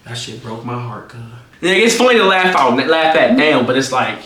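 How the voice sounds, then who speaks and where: A young man from the United States telling a personal storytime in a fast, slangy way, swinging between laughing and hushed. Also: medium pitch, expressive, far from the mic. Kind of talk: casual storytime monologue. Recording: roomy echo, off-mic.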